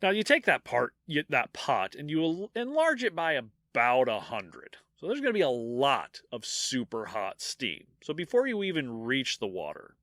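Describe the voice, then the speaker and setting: A man co-hosts a podcast and recounts dark history like a campfire story, cracking jokes at the grisly parts. His pitch swoops all over as he talks. His voice is bright and sits dry and close to the mic. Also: dry recording. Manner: animated storyteller, jokes about grim details. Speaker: podcast co-host.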